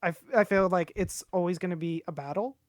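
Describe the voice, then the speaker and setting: A man's voice: high-pitched, fast, dry recording, clean studio sound. A man in his twenties chatting casually on a podcast, rambling and candid, swearing freely as he talks. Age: 20s. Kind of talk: casual chat.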